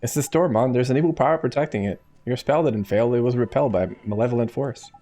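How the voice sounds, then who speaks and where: A man's voice: mid-range voice, fast, warm tone, faint music behind, voice pushed up, natural voice. Man voicing a brash fairy sidekick. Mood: cheeky. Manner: brash, slangy, teasing. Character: cheeky male fairy sidekick, boastful and blunt. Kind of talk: reading game dialogue aloud.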